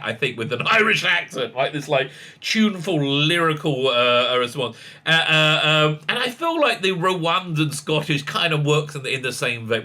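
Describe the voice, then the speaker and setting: A man, rambling excitably through a casual commentary vlog with many fillers and restarts. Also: on the high side. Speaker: rabbi and online commentator.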